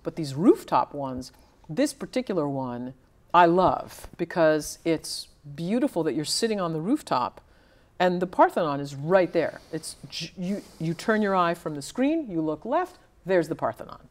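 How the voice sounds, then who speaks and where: A woman's voice: on the low side, sing-song, normal speed. A woman novelist speaking as a guest in a conversational interview, thoughtful and searching for words with small restarts.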